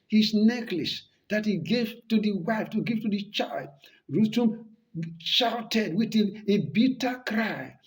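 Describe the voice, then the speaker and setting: A man tells an old tale aloud in a high voice. He is emphatic and repeats each phrase, building the story step by step. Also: low-quality recording. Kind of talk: oral storytelling.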